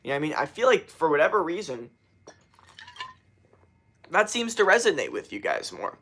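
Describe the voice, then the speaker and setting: A young man rambles loosely to his livestream viewers, swearing constantly as he chats. His fairly high, fairly bright voice is very animated, moving at a moderate pace with frequent pauses.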